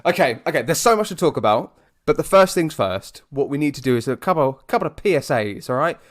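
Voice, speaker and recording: A man's voice: a little high, expressive, fast talker. A young British man co-hosting a podcast in a jokey, upbeat, chatty way. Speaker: podcast co-host. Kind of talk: casual chat.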